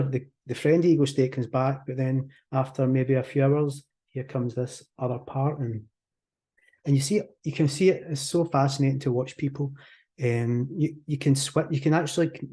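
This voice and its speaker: A Scottish man speaks as a hypnotherapist guest on a podcast interview. He talks fast and animatedly, and slips into acted-out example voices. His tone is dark and mellow. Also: mid-range voice.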